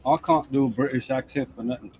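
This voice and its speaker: A man from the United States co-hosts a casual live stream at an ordinary, mid-range pitch. He talks in a relaxed, joking way. He keeps the back-and-forth light. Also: fast talker.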